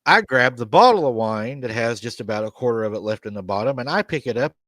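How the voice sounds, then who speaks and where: A man's voice: medium pitch, animated, fast, fairly bright tone, no room sound. A man hosting a live show, casually retelling a story with quoted dialogue and laughing often. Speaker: podcast host.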